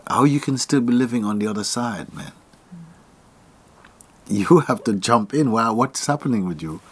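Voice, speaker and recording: A man from Jamaica giving a casual spiritual talk, animated and often laughing, sometimes sinking to a near whisper. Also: medium pitch, normal speed, breathy edge.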